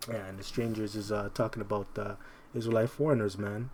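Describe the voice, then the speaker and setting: A man preaching informally, emphatic and repetitive, often ending phrases with "man" and slowing down to read verses aloud. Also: fairly low pitch, steady tone, a little mellow, a little hiss or hum.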